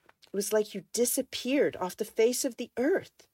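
A woman's voice: on the high side, normal speed, a little mellow, breathy edge, no room sound, studio quality, pitched above the performer's own voice. A woman reading a hurt, resentful man. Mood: pleading.

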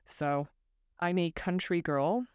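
A woman's voice: on the low side, takes it slowly, darkish tone, clear, resonant tone, dry recording. A woman from Northern California hosting her own podcast, talking reflectively and with self-deprecating digressions into a close microphone. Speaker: podcast host. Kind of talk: reflective solo podcast monologue.

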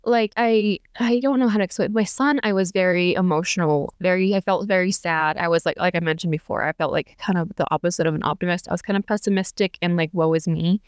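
A woman's voice: on the low side, fast, hardly any pauses, smooth, no echo, clean studio sound. A young adult woman telling her own story as a podcast guest, chatty and candid, full of fillers and restarts. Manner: chatty, many fillers and restarts, laughs between thoughts.

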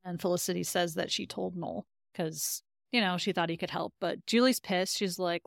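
A woman's voice: fairly low pitch, steady tone, moderate pace, vocal fry, hardly any pauses, dry recording, studio quality. A woman co-hosting a podcast, casually recapping an episode and retelling scenes in quoted lines. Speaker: podcast co-host.

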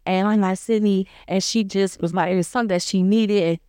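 A woman's voice: fairly even intonation, brisk, mellow, clean tone, no room sound, studio quality. A woman giving an earnest personal faith testimony in a conversational way, acting out her own remembered lines. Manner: earnest, acts out her own quoted dialogue with rising pitch; conversational, many fillers and restarts. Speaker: church member giving testimony.

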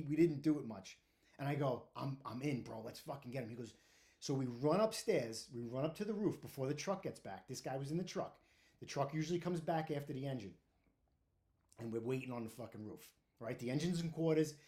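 A middle-aged retired firefighter tells his stories casually. His voice sits a little high for a man, and he swears freely and breaks into laughter often. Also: darkish tone. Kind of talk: casual storytelling to camera.

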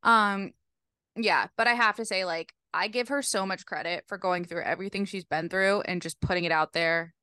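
A woman's voice: mid-range voice, pushed and bright, smooth, dry recording, studio quality. A woman co-hosting a podcast, chatting casually and agreeably about reality TV. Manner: chatty, agreeable, quick to laugh. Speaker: podcast co-host.

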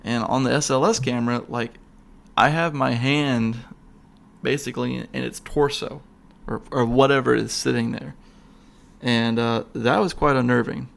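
A man and paranormal investigator casually retelling a ghost hunt, rambling and excitable, with lots of fillers and restarts. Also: medium pitch, normal speed, gravelly. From Florida.

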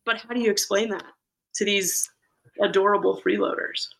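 Bright, gravelly woman chatting. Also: medium pitch, fairly even intonation, normal speed, low-quality recording. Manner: rambling, many "like" fillers. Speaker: podcast co-host. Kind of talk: casual chat.

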